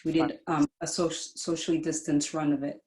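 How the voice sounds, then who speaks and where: A woman from Dominica, a guest performer, chatting over a video call in a lively, quick manner and reading out her lyrics. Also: deep voice. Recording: echoey room on a video call.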